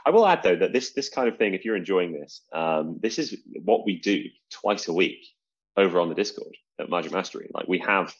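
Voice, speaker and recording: A man's voice: sits low, expressive, a little fast, slightly rough. A British man hosting a podcast, chatting casually about magic in a rambling, self-mocking way. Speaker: podcast host. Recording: dull lo-fi sound.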